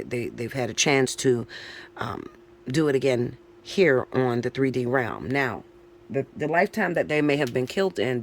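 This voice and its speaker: Male tarot reader, mid-pitched, casual and chatty, keeps asking "all right?", faint hum behind. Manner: chatty, tags lines with "all right?" and "okay?"; loose and informal, with occasional swearing. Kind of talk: casual spoken tarot reading.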